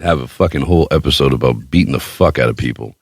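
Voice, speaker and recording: A man hosting a podcast, telling a story in casual chat with a profane, boastful, animated way of talking. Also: a bass voice, fast, slightly rough, no echo. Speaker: podcast host.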